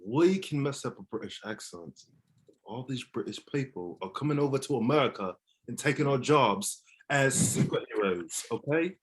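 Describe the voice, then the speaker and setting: Male co-host, animated delivery, playful and profane. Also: medium pitch, normal speed. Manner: joking, swears then laughs at himself. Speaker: podcast co-host. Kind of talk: casual wrestling chat.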